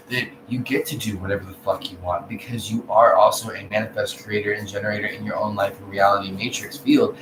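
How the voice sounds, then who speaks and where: A man giving a casual, profane spiritual rant, blunt and animated, swinging between loud outbursts and low mutters. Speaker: vlogger. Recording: echoey room with background noise.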